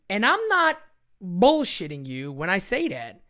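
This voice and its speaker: A man's voice: high-pitched, huge pitch swings, measured pace, pushed and bright. A man hosting a casual sports live chat, talking in a blunt, rambling way and reading out viewer comments. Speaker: live-stream sports show host.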